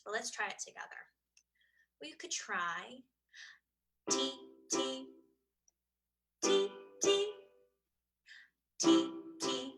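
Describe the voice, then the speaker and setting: A woman's voice: sits high, bright, forceful tone, rough recording. A young woman teaching a children's music lesson in a cheerful sing-song way, counting out rhythms and singing them for little ones to copy.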